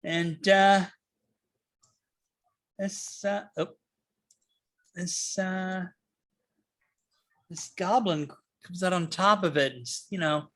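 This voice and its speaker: A man's voice: sits high, steady tone, drawn-out words, pauses often, a bit bright. A man narrating as game master, rambling and loose with many fillers.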